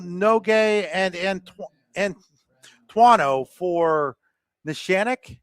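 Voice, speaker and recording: A man doing live softball play-by-play commentary, chatty between pitches and rising in excitement on the plays. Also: unhurried, no room sound, clean studio sound.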